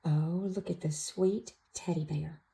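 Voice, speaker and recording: Slow, gentle woman with a gravelly tone. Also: low voice, steady tone, low-quality recording. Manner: soft, sing-song, with playful animal sounds. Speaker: toddler class teacher. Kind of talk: slow, gentle show-and-tell for toddlers.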